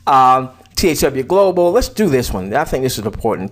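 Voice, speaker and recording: Middle-aged male promoter, rambling and chatty, mild cough, mid-pitched voice, talking close to a desk mic. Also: very animated, normal speed, few pauses. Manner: chatty, many fillers and repeats. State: slight cough. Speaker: online business promoter. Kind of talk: casual screen-share walkthrough.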